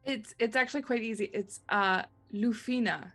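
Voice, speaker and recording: A woman's voice: on the high side, normal speed, a bit bright, soft background music. A woman who is not a native English speaker, playing a tabletop game in casual chat, laughing often and stumbling over names. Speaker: player.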